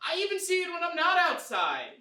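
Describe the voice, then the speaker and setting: A woman's voice: extremely high pitch, huge pitch swings, fairly quick, bright, forceful tone, full character voice. Woman as a rattled, rambling young man in therapy. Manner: rambling, twitchy, blurting. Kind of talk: comedy sketch acting. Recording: roomy, distant mic.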